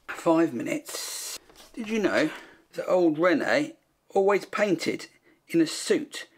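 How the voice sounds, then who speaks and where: A man hosting a comic paint-along video, talking in a dry, joking way and making jokey asides to himself. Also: on the high side. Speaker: host painting a copy of a famous artwork.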